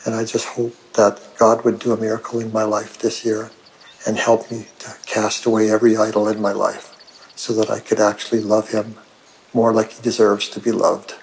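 A man from Canada calling in with an earnest, halting prayer request. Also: fairly low pitch, completely flat delivery, vocal fry, a little hiss or hum, rough recording. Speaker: caller.

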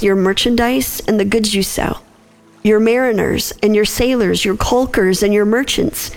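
A woman reads scripture and leads a prayer at a slow, deliberate pace. Her voice carries a gravelly rasp, and faint music plays underneath her reverent words. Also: mid-range voice. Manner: slow, measured, reverent delivery. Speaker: scripture reader and prayer leader. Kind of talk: scripture reading and spoken prayer.

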